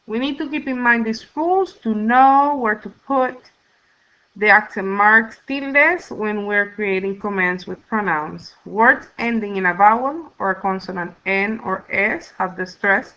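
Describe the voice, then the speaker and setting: Woman teacher, bright clear tone, careful syllable-by-syllable explanation, dull lo-fi sound. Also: medium pitch. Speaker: Spanish teacher. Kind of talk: recorded classroom lesson. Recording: dull lo-fi recording.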